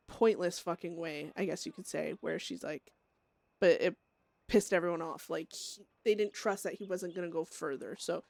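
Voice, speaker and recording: A woman's voice: mid-range voice, no room sound. A young woman streamer casually recapping a roleplay scene, rambling with lots of fillers and swearing.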